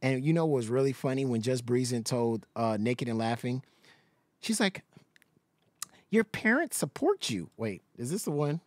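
A man hosting a live stream, telling gossip in a casual, animated way and laughing often. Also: medium pitch, moderate pace, no echo. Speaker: live-stream reaction host.

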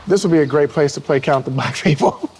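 A man's voice: on the high side, fast. A man acting in a comedy series with a dry, sarcastic delivery. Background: music under the trailer.

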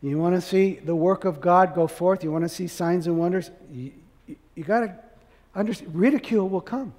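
A man's voice: high-pitched, brisk, a little mellow, big-room sound. A man preaching a sermon as pastor, asking the congregation one question after another.

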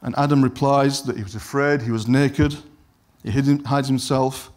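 A man's voice: medium pitch, fairly even intonation, normal speed. A middle-aged man preaching a sermon in an easy, conversational way, wandering into asides and apologizing for them. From England. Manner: conversational, digresses and apologizes, acts out quoted lines.

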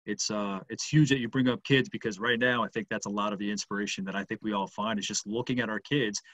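Chill guy host, thinks out loud, dry close sound. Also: fairly low pitch, fairly even intonation, fast, no echo. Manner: reflective, searching for words. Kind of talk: casual interview.

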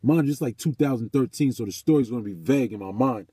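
A man vlogs casually, telling a story that turns into a sermon, swearing often and repeating phrases to drive points home. His mid-range voice is husky and warm, and he talks fast.

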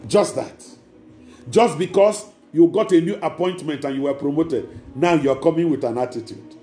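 A man's voice: a little high, normal speed, mellow. A man preaching a sermon as pastor, emphatic and repeating key words. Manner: emphatic preaching with acted quotes. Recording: echoey room with faint music.

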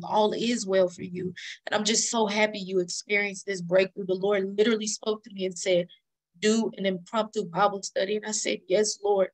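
A woman's voice: mid-range voice, poor audio. A woman hosting a live online prayer session, speaking fervently and repeating her words of praise.

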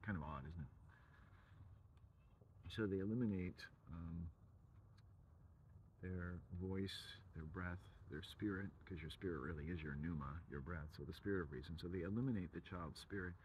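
Guy w a really low voice just riffing on word games n swearing, faint hiss behind. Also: normal speed, pauses often, darkish tone, poor audio. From England. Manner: free-associating wordplay, profane, provocative. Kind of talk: rambling monologue.

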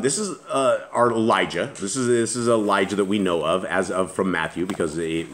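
Earnest man reading scripture, low-voiced. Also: fairly bright tone. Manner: earnest, emphatic, with frequent restarts. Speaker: Bible teacher.

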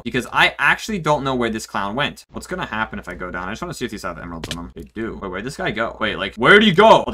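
A man's voice: medium pitch, pushed and bright. A young man, a gaming YouTuber, telling a story over gameplay in a mock-dramatic, slangy, exaggerated way.

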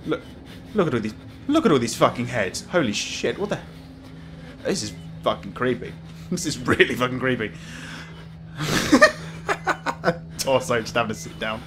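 A man's voice: mid-range voice, expressive, a little fast, fairly bright tone. A man commentating a horror game as he plays, jumpy, swearing, laughing nervously. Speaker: gamer playing a horror game. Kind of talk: let's play commentary.

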